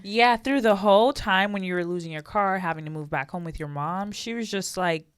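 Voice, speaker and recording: A woman chats casually with friends, speaking in a frank, affirming way. Her voice sits at a middle pitch in a dry recording. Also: a little fast, clear, resonant tone, no echo. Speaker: co-host friend. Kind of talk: casual chat.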